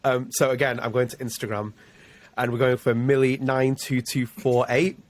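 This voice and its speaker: A British man hosting a relaxed podcast interview, reading out listener questions in a friendly tone. His voice is mid-pitched and sounds dry and close to the mic, with no room around it. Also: normal speed, dry recording. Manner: friendly, reads listener questions, laughs along. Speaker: podcast host.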